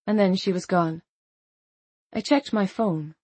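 A woman narrating a novel in the first person, wry and measured. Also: mid-range voice, dark tone, breathy edge, dry recording. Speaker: audiobook narrator.

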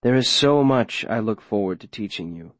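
A man voicing a calm, controlling older mayor who speaks slowly and with quiet command, in an audiobook reading. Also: lowish voice, no echo, close to an everyday voice. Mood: menacing calm. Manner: slow, measured, quietly commanding. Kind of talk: audiobook character voice.

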